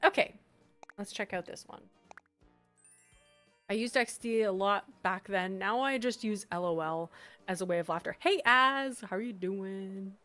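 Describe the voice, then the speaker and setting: A woman streamer talks at an unhurried, easy pace, chatting with her viewers while she designs. She laughs often and reads chat messages aloud. Faint music plays behind her voice. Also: mid-range voice, pushed and bright.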